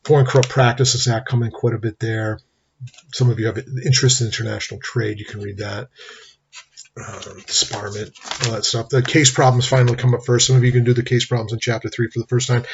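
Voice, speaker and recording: A man's voice: medium pitch, flat delivery, a little fast, creaky, slight background noise. A middle-aged man giving a rambling, anecdotal recorded lecture as a law instructor. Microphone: webcam mic. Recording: lo-fi webcam recording.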